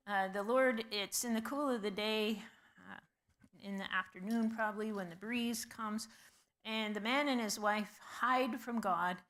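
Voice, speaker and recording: A woman teaching a Bible study in a conversational way, posing questions to the class and pausing with frequent ums. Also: mid-range voice, fairly bright tone.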